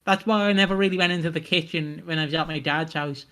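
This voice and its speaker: A young man co-hosting a podcast in casual chat, swearing freely and making dark jokes. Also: a little high, steady tone, fast talker. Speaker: podcast co-host.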